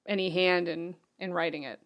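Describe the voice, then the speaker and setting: A woman's voice: on the low side, fairly even intonation, moderate pace, fairly bright tone. A woman co-hosting a film podcast in casual chat, matter-of-fact as she recounts trivia. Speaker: podcast co-host.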